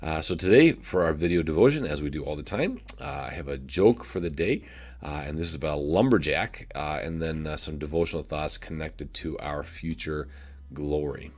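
Male pastor, low voice, casual devotional talk full of fillers. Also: animated, moderate pace, a little mellow. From United States. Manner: folksy, many filler "uh"s, chuckles at own jokes. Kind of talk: short video devotion.

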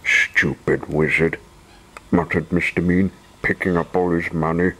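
A man reading a children's storybook aloud with expressive narration. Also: low voice, normal speed, rough recording.

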